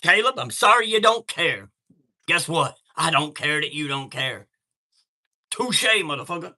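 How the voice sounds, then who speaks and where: Man, live stream host, high-pitched, piercing bright tone, profane, heated, casual storytelling. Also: lively intonation, unhurried. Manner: reads out and greets chat viewers.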